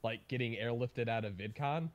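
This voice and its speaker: A man in a casual online call who tells stories with lively swings of pitch, sometimes jumping up loud and fast. His pitch sits in a middle range. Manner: animated storyteller, bursts of laughter and loud emphasis. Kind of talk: casual livestream chat.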